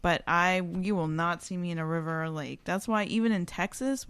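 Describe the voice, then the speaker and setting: A woman's voice: lowish voice, clean tone, no room sound. A woman co-hosting a podcast at home with the windows open, telling stories in a chatty, casual way and laughing often. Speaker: podcast co-host. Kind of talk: casual storytelling chat.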